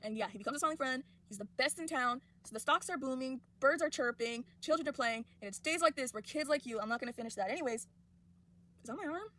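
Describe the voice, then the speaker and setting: A woman's voice: sits high, fast, hardly any pauses, pushed and bright. A young adult woman and college student ranting casually and indignantly about a cartoon character. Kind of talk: casual rant vlog.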